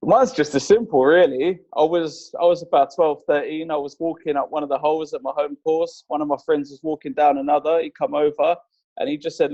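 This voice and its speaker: Laid-back young Englishman, slightly high voice. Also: fairly even intonation, a little fast, darkish tone, highs cut off. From England. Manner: laid-back, chuckles while telling stories. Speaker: professional golfer guest. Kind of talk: casual podcast chat.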